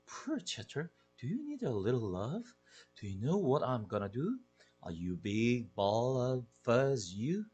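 A man's voice: mid-range voice, huge pitch swings, unhurried, darkish tone, dull audio, soft background music. A man with a Korean accent voicing a doting mother who coos at the family cat in a sing-song way. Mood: cooing. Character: fussy doting mother of the household.

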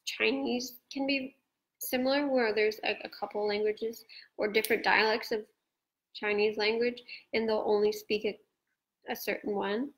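A woman from Australia hosting a live-stream conversation, explaining ideas in a relaxed chatty way over a video call. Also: fairly high pitch, moderate pace, low-quality recording. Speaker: host.

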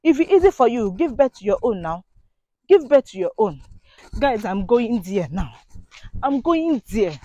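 A woman's voice: fairly high pitch, sing-song, normal speed, warm tone, dry recording, muffled recording. A woman giving an indignant, preachy monologue to her viewers, full of rhetorical questions. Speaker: vlogger. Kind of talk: impassioned monologue to camera.

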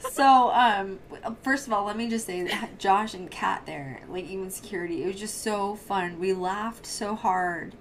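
A woman's voice: mid-range voice, moderate pace, few pauses, slight background noise. Bubbly rambling woman podcast host. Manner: bubbly, rambling storyteller with frequent laughs. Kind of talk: casual chat.

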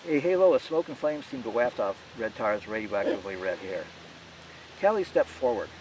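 A man's voice: mid-range voice, big pitch swings, a little fast, darkish tone, distant mic, slight background noise, poor audio. Man reading his novel from afar. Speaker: author. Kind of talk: audiobook narration.

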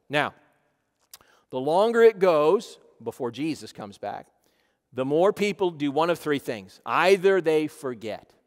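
A man from Ohio, a pastor preaching a sermon emphatically, often saying "listen" and swinging between loud and soft. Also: mid-range voice, in a large hall. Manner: emphatic preaching, repeating "listen", rising and dropping volume. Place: church sanctuary.

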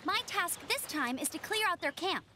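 A woman's voice: very high voice, animated, moderate pace, sharp tone, slight background noise, exaggerated voice. A woman voicing an earnest, eager young scout knight who speaks formally and a bit suspiciously, in game voice acting. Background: game music.

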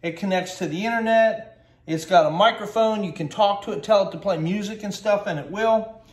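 A man's voice: high-pitched, moderate pace. A man filming a casual, folksy how-to walkthrough by his kitchen refrigerator on a handheld phone, chatting and grumbling as he goes. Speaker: home how-to vlogger. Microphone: handheld phone camera. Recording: echoey room.

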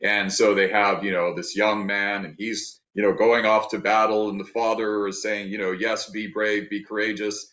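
A man giving an academic talk over a video call, thoughtful and halting, with many restarts and fillers. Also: fairly low pitch, level tone, a bit bright. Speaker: guest lecturer. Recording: roomy, dull video-call audio.

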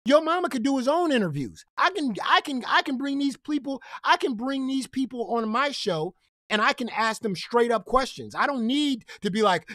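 A man on a heated, profane rant about his gaming community, his pitch leaping up and down as he gets worked up. He stumbles and repeats words when excited. The voice sounds close and dry, with no room around it. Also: normal speed, dry recording. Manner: animated, profane, confrontational. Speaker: gaming commentary host. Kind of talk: ranting commentary.

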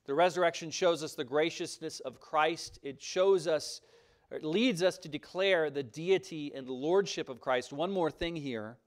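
A man's voice: a little high, measured pace. A male pastor preaching a sermon in an emphatic, conversational way, with frequent asides to the congregation.

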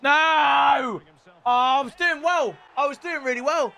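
A young man streaming a football video game, chatting to the lads in cheeky banter and breaking into loud outbursts. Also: very high-pitched, brisk. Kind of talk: gaming stream commentary. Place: home room with builders' noise outside. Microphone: headset.

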